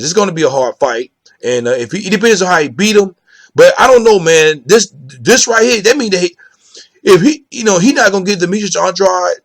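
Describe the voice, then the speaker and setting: A man's voice: on the high side, no echo, clean studio sound. A man hosting his own boxing commentary channel, talking casually to viewers in a rambling way, with many restarts and the repeated filler "you know what I'm saying", and asking viewers for their opinions. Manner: talks straight to viewers, asks for their opinion.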